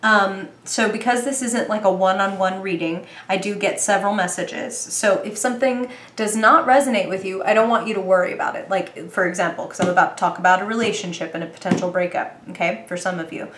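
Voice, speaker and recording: A woman's voice: medium pitch, steady tone, brisk, few pauses, a bit bright, reverberant, a little hiss or hum. A woman reading tarot for viewers in a bubbly, chatty way, thinking aloud as she goes. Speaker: tarot reader. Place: indoor room with bright light.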